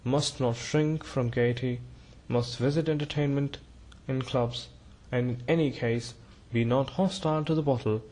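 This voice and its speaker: A grave, probing male doctor who speaks deliberately and pauses with a grunt, as a man puts him on in a reading. The pitch sits in the middle range for a man. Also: fairly even intonation, darkish tone, natural voice. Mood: insistent.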